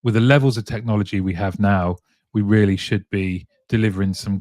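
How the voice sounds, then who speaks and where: A man's voice: on the low side, steady tone, a little fast, a little mellow, no echo, clean studio sound. A man hosting a casual live-streamed talk show, chatting, reading out viewer comments and often chuckling. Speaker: show host.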